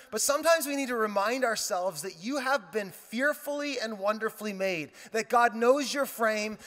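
High, bright-voiced pastor preaching. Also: male voice. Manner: animated storytelling with quoted dialogue and asides. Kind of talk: sermon. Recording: reverberant hall.

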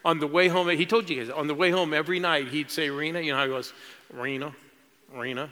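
A man's voice: a little high, fast, pushed and bright. A middle-aged male pastor preaching a sermon, telling stories emotionally and building to exclamations. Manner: emotional, storytelling with rising exclamations. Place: large church auditorium. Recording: reverberant hall with crowd behind.

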